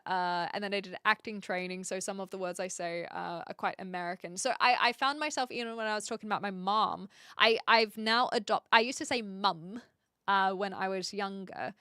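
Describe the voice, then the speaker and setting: A woman's voice: medium pitch, sharp tone, clean tone, no room sound, studio quality. A woman from New Zealand with a British accent and a slight Australian twang, chatting casually as a streamer, reading viewer messages aloud and laughing often.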